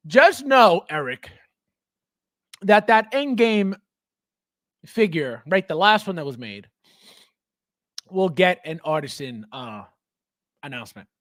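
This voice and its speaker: A man hosting a casual livestream, reading viewer comments and talking straight to his chat, excitable and quick to laugh. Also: high-pitched, no room sound, clean studio sound. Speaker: livestream host and toy collector.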